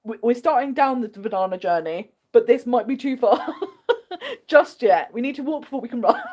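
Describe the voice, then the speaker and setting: Bubbly English woman, lively voice. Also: a little high, moderate pace. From England. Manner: bubbly and chatty, answers viewer comments with frequent laughs. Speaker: host. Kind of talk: casual livestream chat.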